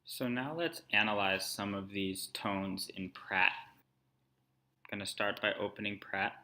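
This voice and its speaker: A man narrating a screen-recorded tutorial, explaining calmly and step by step. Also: low voice. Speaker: language instructor.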